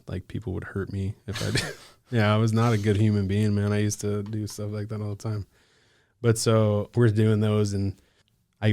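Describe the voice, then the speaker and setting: Low-voiced man telling his story, dry close mic. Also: warm tone, dry recording. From Alaska. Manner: loose, slangy talk full of "like" and "bro", quick to laugh. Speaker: case manager, podcast guest. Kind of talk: casual storytelling chat.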